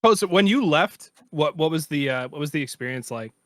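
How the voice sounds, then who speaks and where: A man in his thirties, a podcast guest, chatting casually and telling animated stories with laughter. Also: on the high side, moderate pace, no echo, clean studio sound. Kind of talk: casual chat.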